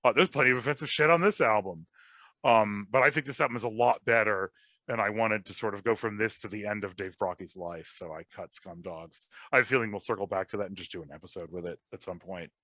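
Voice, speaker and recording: A man in his thirties hosting a casual podcast chat, rambling and self-deprecating, animated as he talks. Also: fairly low pitch, fast, no room sound. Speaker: podcast host.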